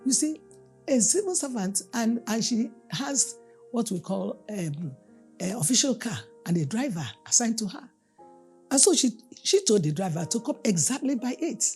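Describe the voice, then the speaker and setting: Faint music sits behind a woman pastor whose voice is a little high and whose pace is normal. She preaches a storytelling sermon, lively in manner, acting out the people in her everyday stories.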